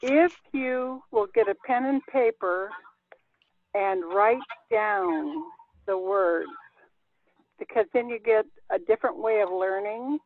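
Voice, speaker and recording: A woman's voice: fairly high pitch, very animated, takes it slowly, creaky, no room sound. A woman leading a group language class over a video call, explaining patiently and step by step. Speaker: language teacher. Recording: dry, phone-like video call audio.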